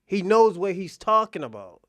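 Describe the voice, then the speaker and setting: A man's voice: high-pitched, sing-song, moderate pace, a bit bright, dry recording. A man hosting a reaction stream, talking bluntly and casually to his viewers and swearing freely as he comments on a debate clip. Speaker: reaction channel host.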